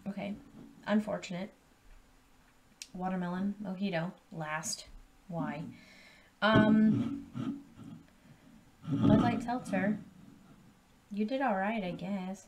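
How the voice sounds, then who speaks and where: A woman's voice: mid-range voice, unhurried, long pauses, noisy background. A young woman at home chatting casually on camera, reviewing drinks, rambling and swearing freely. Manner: laid-back, swears freely, rambling with many ums. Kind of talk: casual profane vlog chat.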